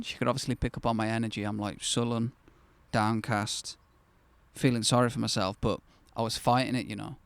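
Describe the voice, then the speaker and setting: A man's voice: mid-range voice, fairly even intonation, fairly quick, vocal fry, clear, resonant tone, no room sound. A man in his thirties, the host of his own channel, telling a personal story to camera in a candid, conversational way that turns reflective and then bursts with enthusiasm.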